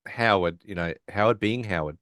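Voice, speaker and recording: A man's voice: on the low side, moderate pace, a bit bright, no echo, clean studio sound. A man co-hosting a podcast, casually retelling scenes and acting out lines, with fillers. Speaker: podcast co-host. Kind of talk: casual recap chat.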